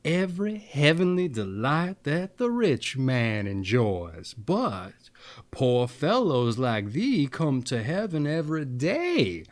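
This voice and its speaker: A man reading the lines of Saint Peter, a calm elderly gatekeeper of heaven, in slow, measured, old-fashioned speech. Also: mid-range voice. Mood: reassuring.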